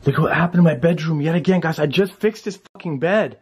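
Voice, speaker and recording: A man's voice: a little high, quick pace. A man vlogging from inside his house at night, frightened, swearing and repeating himself to his viewers on a handheld camera. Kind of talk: paranormal vlog, addressing viewers. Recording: loud music over the voice.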